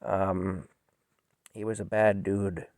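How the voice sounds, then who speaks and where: A middle-aged man tells a personal story in a halting, rambling way that turns emotional. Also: deep voice, flat delivery, darkish tone, no echo, studio quality. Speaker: vlogger telling a personal story. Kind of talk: casual storytelling monologue.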